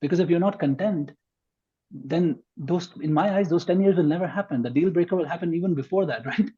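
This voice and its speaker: Man, podcast guest, mellow husky voice, emphatic debater, slightly muffled recording. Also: a little high, a little fast. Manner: emphatic, argues point by point. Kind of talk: conversational podcast discussion.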